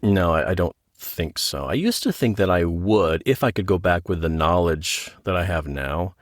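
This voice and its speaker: Low-voiced joking man, lively delivery. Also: normal speed, dry recording, clean studio sound. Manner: joking, self-deprecating, animated. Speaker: interview guest, audiobook narrator and author. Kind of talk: casual interview chat.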